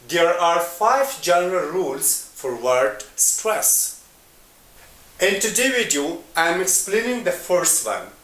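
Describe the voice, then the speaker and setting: A man teaching an English lesson in a slow, deliberate way, repeating example words. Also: a little high, fairly bright tone, roomy sound.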